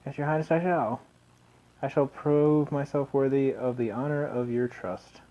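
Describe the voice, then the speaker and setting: A man's voice: medium pitch, steady tone, moderate pace, dark tone, natural voice. A man voicing a loyal young female knight in a game, formal and earnest. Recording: dull lo-fi recording.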